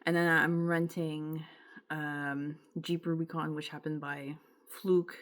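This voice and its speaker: Mujer joven, acento francés de Quebec, vlog casual, narración divagante y emotiva, muchas muletillas, voz un poco grave. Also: female voice, low voice, little pitch movement, takes it slowly. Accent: Quebec French. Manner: rambling, emotional, with filler words and self-interruptions. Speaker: vlogger. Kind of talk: casual storytelling to camera.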